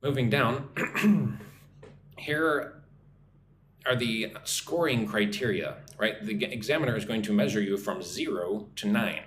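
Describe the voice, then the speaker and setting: A man's voice: lowish voice, measured pace, fairly bright tone. A man with an American accent teaching a live English lesson, often checking in with "right?" and reading viewer comments aloud. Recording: echoey room, faint background noise.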